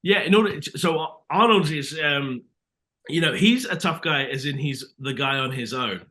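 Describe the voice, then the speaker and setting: A British actor chatting as an interview guest, telling stories animatedly with lots of fillers and acted-out dialogue. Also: male voice, a little high, normal speed. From Britain. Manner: animated storyteller, acts out dialogue, many fillers. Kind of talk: casual interview chat.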